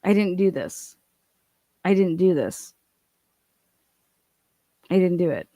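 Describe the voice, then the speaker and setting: A woman's voice: on the low side, lively intonation, takes it slowly, dark tone, dry recording, clean studio sound. A woman hosting a commentary channel, ranting in a profane, combative way and acting out other people's voices. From Ohio.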